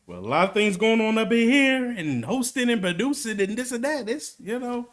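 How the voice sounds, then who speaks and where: A man's voice: high-pitched, big pitch swings, moderate pace. A man co-hosting a talk show, chatting casually and joking with his co-host, with playful churchy asides. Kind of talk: casual chat.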